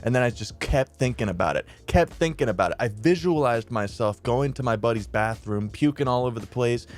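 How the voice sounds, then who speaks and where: A man's voice: medium pitch, animated, brisk. A man casually telling a personal story on his channel, rambling and profane with lots of "like.". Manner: rambling, filler-heavy, profane.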